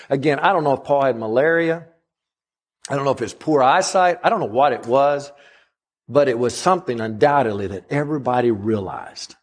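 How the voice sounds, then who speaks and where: A middle-aged man preaching a sermon as a guest pastor, climbing higher and louder on emphatic lines and dropping soft on quiet ones. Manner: rises in pitch and volume on emphatic runs, drops soft on quiet points.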